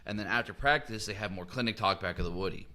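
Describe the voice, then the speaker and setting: A man with a lowish, bright, forward voice talks fast on a casual sports podcast. He trades quick teasing jabs with his co-host and tells stories in a loose, offhand way.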